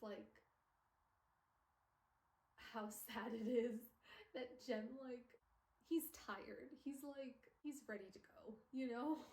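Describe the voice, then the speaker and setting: A woman talks through a book in a casual, gushing way, filling her sentences with "like" and getting openly emotional. Her voice sits a little high. She is recorded on a phone in a room with a noticeable echo. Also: dark tone. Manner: gushing, emotional, filler-heavy with "like". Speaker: streamer. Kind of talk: casual book recap chat. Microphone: phone camera.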